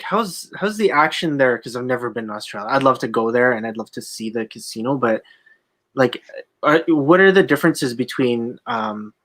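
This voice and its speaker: A man co-hosting a podcast, asking a guest questions in a halting, casual way. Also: mid-range voice, a bit bright. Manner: halting, filler-heavy questions. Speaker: podcast co-host.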